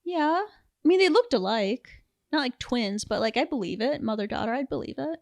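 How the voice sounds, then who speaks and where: With a high-sitting voice captured in a dry, studio-quality recording, a young woman co-hosts a podcast and chats casually about a film. She animatedly retells the plot and quotes characters in quick voices.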